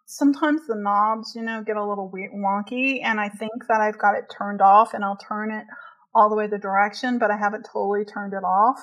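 Woman, casual podcast chat, chatty and filler-heavy, laughs easily, mid-pitched voice. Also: fairly even intonation, brisk, a bit bright, highs cut off.

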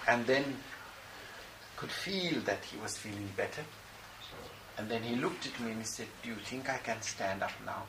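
A man's voice: medium pitch, moderate pace, gravelly, pauses often. A man, a spiritual teacher, telling a story to a gathering and acting out the voices in it. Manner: animated, acts out quoted dialogue. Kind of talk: storytelling answer to a question. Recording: echoey room, distant mic, noisy ambience.

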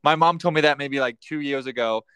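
A man's voice: mid-range voice, brisk, pushed and bright, smooth, no room sound. A man hosting a casual podcast chat, joking and laughing often. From United States. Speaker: podcast host.

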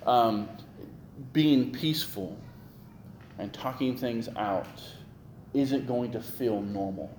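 A man preaching a sermon in a conversational, joking style, quoting scripture and getting lively as he makes his points. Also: mid-range voice, slow pace, long pauses, echoey room, slight background noise. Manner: conversational, jokey, animated preaching. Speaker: pastor.

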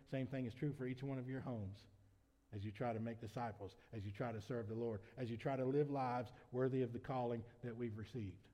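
A man preaching a sermon as pastor, shifting between quiet conversational asides and loud, emphatic preaching. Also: medium pitch. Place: church sanctuary. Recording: long reverb of a church hall.

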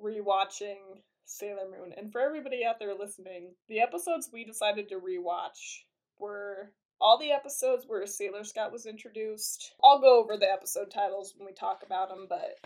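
A young adult woman co-hosting a podcast in casual chat, talking in a chatty, animated way and laughing as she talks. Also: mid-range voice, normal speed. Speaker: podcast co-host.

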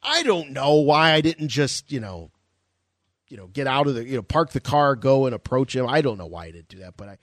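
Male podcast host, casual storyteller, lively and fairly high. Dry close sound. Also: brisk, no echo. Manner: animated, laughing, acts out voices.

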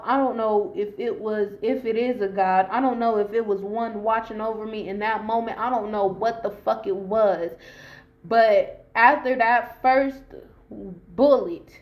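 A woman from Long Beach with a fairly high voice tells a storytime straight to her camera. She talks emphatically, swears freely and keeps addressing her listeners directly. The audio is somewhat dull and lo-fi. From Long Beach, California. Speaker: podcast host telling a personal story. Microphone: camera mic while filming herself.

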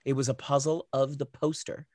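A man's voice: mid-range voice, flat delivery, moderate pace, no echo, clean studio sound. A man co-hosting a casual chat, teasing and playful. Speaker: podcast co-host.

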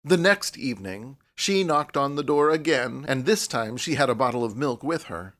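An audiobook narrator reads a storybook aloud in a measured, even manner. His voice sits at an ordinary middle pitch for a man, and the scripted narration is steady and unhurried.

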